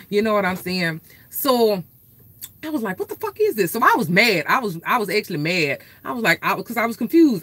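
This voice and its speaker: Woman, bright sharp voice, casual vlog storytelling, profane, rambling, animated. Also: sits low. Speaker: vlogger.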